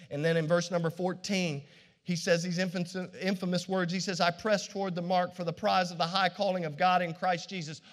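A man's voice: high voice, fairly bright tone. A middle-aged man preaching a sermon as pastor, fervent and playful by turns. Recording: long hall reverb.

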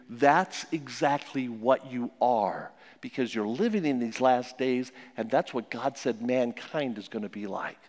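A man preaching a sermon as pastor, emphatic, swinging between loud and hushed. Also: mid-range voice, in a large hall.

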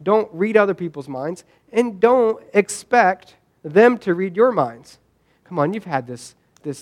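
High-voiced man preaching casually. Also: lively intonation, a little slow, a little mellow. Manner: conversational, frequent "right?" asides, acts out quoted lines. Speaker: pastor. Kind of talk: sermon.

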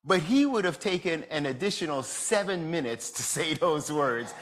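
A man from Jamaica, a pastor giving a measured sermon lecture and asking rhetorical questions. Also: fairly high pitch, animated, fairly bright tone.

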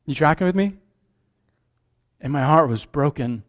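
A man's voice: a little high, expressive, normal speed. A man preaching a sermon as pastor, speaking in an earnest, conversational way and checking in with the congregation with questions.

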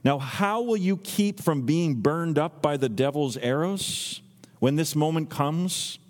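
A man in his thirties preaching a sermon as a pastor, teaching earnestly and acting out quotes in lively voices. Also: fairly high pitch, slow. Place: church sanctuary. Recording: long reverb from a church hall.

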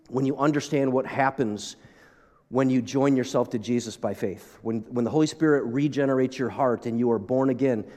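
A male pastor delivers a sermon in an easy, conversational way, turning aside now and then to speak to the congregation. His voice sits at an ordinary middle pitch for a man. A long reverb trails after his words, as in a large church sanctuary. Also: a little mellow.

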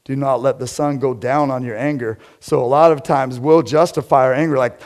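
A man preaching a conversational sermon to a small group, shifting from loud emphatic lines to quiet low asides. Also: steady tone, a little fast, few pauses, faint music behind. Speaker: pastor. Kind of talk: interactive sermon.

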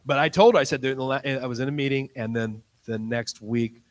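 A man preaching a sermon, telling a story in acted-out dialogue and swinging from quiet asides to loud, excited bursts. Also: medium pitch, a little fast, dry recording, low-quality recording. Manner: tells stories in quoted dialogue.

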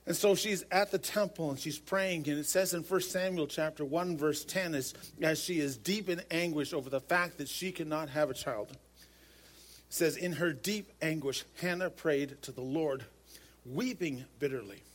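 A man's voice: fairly high pitch, moderate pace. Earnest man preaching a sermon. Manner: earnest, repeats words when restarting. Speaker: pastor.

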